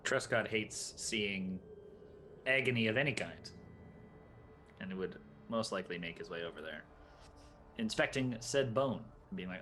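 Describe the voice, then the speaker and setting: Chill guy at a d&d table, bright voice, lively pitch. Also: unhurried, long pauses, a little hiss or hum. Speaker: player. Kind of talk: casual tabletop play.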